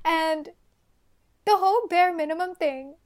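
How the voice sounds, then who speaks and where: A woman's voice: very high-pitched, a little slow. A young woman from Australia co-hosting a podcast, chatting candidly and swearing freely. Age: young adult. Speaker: podcast co-host. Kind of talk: casual chat.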